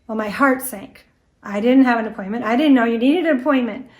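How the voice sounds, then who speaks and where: She's a middle-aged guest speaker from the United States, sharing the history of antique dolls through a storytelling presentation. Her pace is brisk and her voice a touch high for a woman, and she brings the anecdotes to life by briefly performing what people said.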